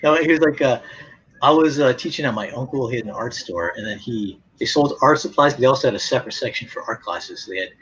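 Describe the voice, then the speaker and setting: A man's voice: medium pitch, quick pace, fairly bright tone. A man in a casual chat who rambles through stories, laughs often and acts out the people in them. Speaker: former art teacher. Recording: dull lo-fi sound with faint background noise.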